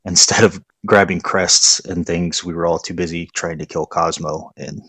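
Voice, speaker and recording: A man's voice: low voice, fairly even intonation, moderate pace, pushed and bright, husky, dry recording. A man appearing as a guest on a casual gaming podcast, telling stories in a laid-back, hesitant way.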